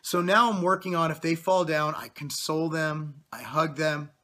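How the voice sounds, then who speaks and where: A man's voice: a little high, steady tone, normal speed, pushed and bright. A man in his thirties, a bodybuilder giving a blunt, profane motivational rant to camera. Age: 30s. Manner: blunt, profane, intense pep talk. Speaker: fitness vlogger, bodybuilder.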